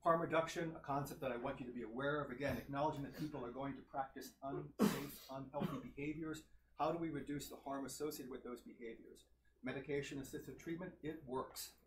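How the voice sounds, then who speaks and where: A man's voice: medium pitch, fairly even intonation, brisk. A man giving a public health lecture with slides, earnest and emphatic, laying out points one by one. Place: lecture hall. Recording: roomy hall sound, faint noise.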